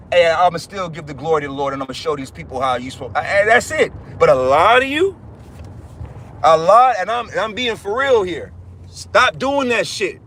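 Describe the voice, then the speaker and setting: A man's voice: high-pitched, bright, forceful tone. A man preaching fervently on a livestream, repeating himself, swearing and calling his listeners brothers. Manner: fervent, repetitive, profane, addresses listeners as brothers.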